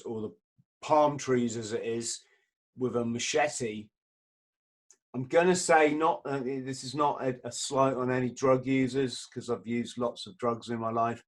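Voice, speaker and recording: A man hosting a podcast who tells candid stories, swearing freely and repeating words as he searches for them. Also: medium pitch. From Britain. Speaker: podcast host. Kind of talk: candid storytelling in conversation.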